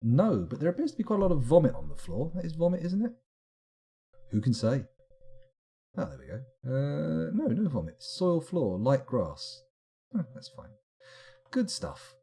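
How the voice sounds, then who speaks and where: A man's voice: a little high, huge pitch swings, moderate pace, gravelly, long pauses, mellow, husky. A man giving live, casual commentary while streaming a game, rambling along with wry asides.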